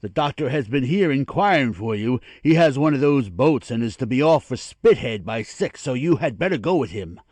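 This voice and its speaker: An actor playing a loud, blustering older naval father in an audiobook dramatization, boisterous and swearing eagerly. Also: mid-range voice, animated, moderate pace, few pauses, no echo, lightly acted.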